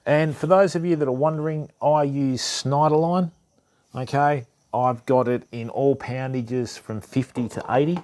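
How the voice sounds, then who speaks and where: A man's voice: mid-range voice, steady tone, unhurried, darkish tone. A middle-aged man, chatting casually and cracking jokes to his mates while sorting his fishing gear. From Australia. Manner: chatty, joking asides to friends. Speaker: fishing channel host.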